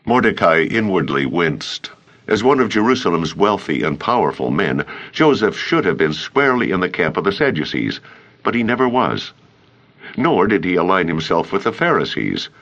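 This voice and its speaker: A man narrating an audiobook in an expressive, dramatic reading. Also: low voice, highs cut off. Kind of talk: scripted narration.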